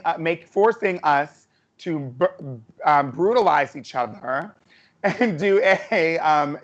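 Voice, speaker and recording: Sassy woman host chatting on a video call, laughs a lot, muffled lo-fi sound. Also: low-pitched.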